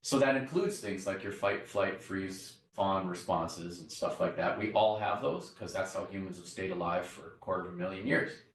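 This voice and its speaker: Male university lecturer, lowish voice, explanatory classroom delivery, echoey room, mic at a distance. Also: normal speed, few pauses. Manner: explanatory, checks in with the class by asking "right?".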